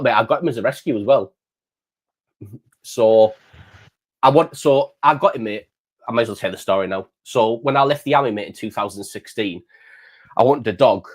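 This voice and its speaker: Casting: man in his thirties, lowish voice, rambling casual storyteller. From England. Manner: rambling, repeats words, says "mate" often. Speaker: channel host.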